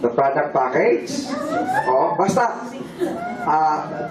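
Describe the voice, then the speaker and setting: A man giving a motivational seminar talk, leading the crowd in slow, emphatic chants. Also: sits high. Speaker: seminar speaker. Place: large hall with live audience. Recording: roomy hall from far off, crowd.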